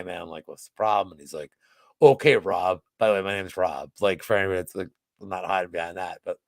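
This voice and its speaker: In a casual chat, a podcast guest with a lowish, gravelly voice rambles through a story, packing in "like" and other fillers and swearing a lot. The recording is dry.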